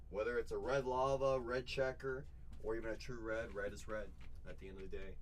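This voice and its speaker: A man hosting a live card break from a shop, excitedly chatting with viewers, repeating catchphrases and calling out their names. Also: lowish voice, slight background noise. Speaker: livestream card break host. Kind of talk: excited live sales chat.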